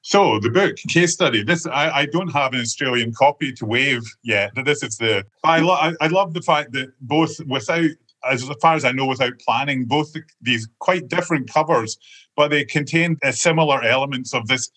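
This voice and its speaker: Chatty Scottish man, bright voice. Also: mid-range voice, moderate pace. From Scotland. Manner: hesitant, frequent restarts, chatty. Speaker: author guest. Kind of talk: conversational book talk.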